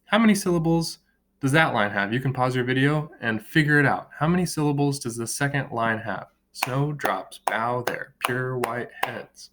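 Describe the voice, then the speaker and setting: A young man teaching a recorded lesson to children, explaining patiently and slowly drawing out words to count their beats. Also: medium pitch, animated, noisy background. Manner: slow, drawn-out word clapping and counting; friendly, patient classroom explaining.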